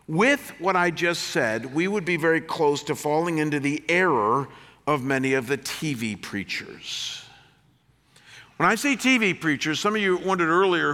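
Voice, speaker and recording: A man preaching a sermon as pastor, animated, swinging between loud rises and quiet drops. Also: on the high side. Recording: long hall reverb.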